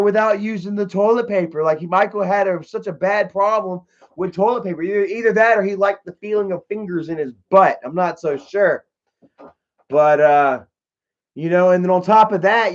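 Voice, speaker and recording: A high-voiced man hosts a livestream and answers his chat in a loose, rambling way. He swears freely and ends his phrases with "man" or "bro". The stream audio is dull and lo-fi. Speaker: livestream host. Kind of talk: casual storytelling to live chat.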